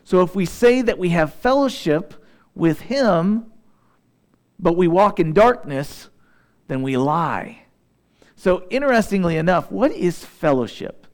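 A man delivers a sermon in a somewhat high voice. He reads scripture at a slow, measured pace. Between readings he drops into easygoing, conversational remarks to his listeners. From Southeast Missouri. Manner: reads scripture slowly and deliberately, then shifts into relaxed conversational asides. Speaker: pastor.

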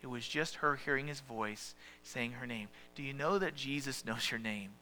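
A man preaching a sermon as pastor, talking conversationally and asking the listeners questions, often dropping to a soft hush. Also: mid-range voice, normal speed, faint music behind.

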